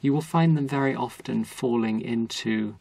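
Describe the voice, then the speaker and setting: A man who teaches English literature at a university, explaining things in a measured, lecturing way during an interview. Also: mid-range voice, creaky, a little mellow, husky. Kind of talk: interview conversation.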